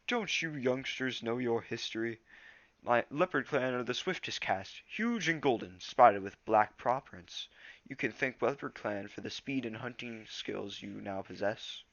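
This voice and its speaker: Man playing a stern but kind old tomcat mentor, measured, gravelly, bright, lo-fi dry. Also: medium pitch, lively intonation, dry recording, voice pushed up. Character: older male warrior cat mentor, gently stern.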